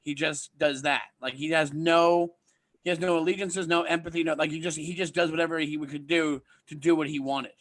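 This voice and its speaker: A man, a comedian on a podcast panel, chatting casually and telling stories in an animated way. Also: on the high side, brisk. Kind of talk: casual chat.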